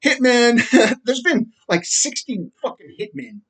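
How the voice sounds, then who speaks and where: A man's voice: very high voice, very animated, measured pace, fairly bright tone. A man in a rambling, agitated, profane monologue, laughing often and tagging his sentences with "right?". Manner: frequent laughs and repeated "right?". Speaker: vlogger.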